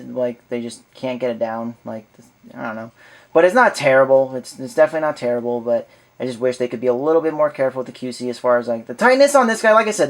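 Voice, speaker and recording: Guy reviewing a toy, chatty and rambly, kinda thinking out loud while he fiddles with it. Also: mid-range voice. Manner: rambling, thinking aloud with restarts and hedges. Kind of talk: casual hands-on toy review.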